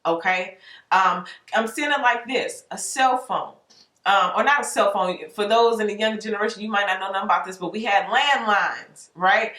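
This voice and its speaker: A woman's voice: medium pitch, fairly bright tone, roomy sound. A woman giving a casual tarot reading, chatting to viewers and acting out little examples as she explains. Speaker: tarot reader.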